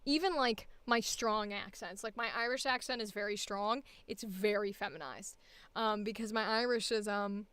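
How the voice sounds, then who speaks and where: A woman's voice: mid-range voice, moderate pace, fairly bright tone, smooth, dry recording. A woman voice actor chatting casually and thinking aloud while she records an audition.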